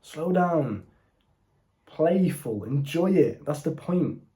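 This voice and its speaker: This young man, a dating coach, speaks slowly but animatedly in a voice that's on the high side with a dark tone. Seated indoors, he addresses the camera directly, bluntly and casually, calling the viewer bro.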